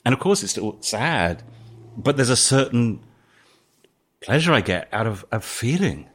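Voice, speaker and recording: A British man speaking as an interview guest, telling his story in a calm, thoughtful way. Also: mid-range voice, measured pace, slightly rough. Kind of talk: reflective interview talk.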